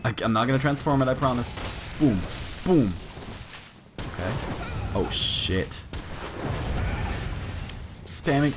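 A young man talks through a game in casual let's-play style, his pitch jumping all over as he reacts. He swears and yelps during tense moments. A faint hiss of noise sits under the recording. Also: lively intonation, takes it slowly, pauses often. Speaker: gaming let's-play host. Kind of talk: casual gameplay commentary.

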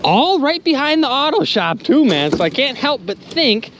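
Excitable man vlogging from a river boat. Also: very high voice, moderate pace. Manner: excitable, exclaims often, talks straight to viewers. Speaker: magnet fishing host. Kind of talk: excited outdoor vlog narration. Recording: clear outdoor boat and water noise. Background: boat and water noise.

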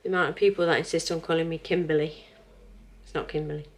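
A woman's voice: low-pitched, fairly even intonation, fast talker. A woman in her thirties chatting casually at home in a rambling, cheerful vlog, laughing often. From England. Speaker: vlogger.

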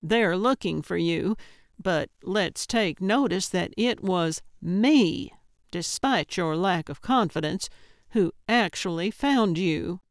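Gertrude: slow, deadpan old lady sleuth, sarcastic and stubborn, read by a woman narrator, smooth dry audiobook sound. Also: lowish voice, no room sound. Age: older.

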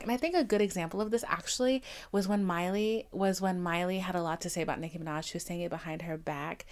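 A woman's voice: lowish voice, quick pace, few pauses. A woman in her twenties hosting a podcast, talking casually and candidly, swearing often and acting out the people she quotes. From Haitian family. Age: 20s. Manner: chatty, profane, animated quoting. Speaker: podcast host. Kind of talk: casual confessional monologue.

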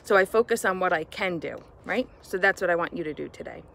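A woman teacher speaking warmly and directly to children in a friendly, encouraging morning message. She talks in a relaxed, chatty way, recorded outdoors on a porch. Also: on the low side, fast, vocal fry. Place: outdoors on a home porch by woods.

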